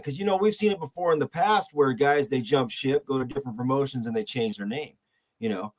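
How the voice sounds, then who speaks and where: Brief: male co-host, casual, enthusiastic, mid-range voice. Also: mid-range voice. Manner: enthusiastic, halting restarts. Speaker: podcast co-host. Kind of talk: casual chat.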